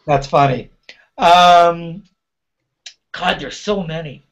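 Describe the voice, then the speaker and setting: A male DJ host with a slightly high voice chats loosely over a video call. He fills his questions with ums and you-knows. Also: slow, creaky, fairly bright tone. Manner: chatty, with many fillers. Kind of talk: casual interview chat.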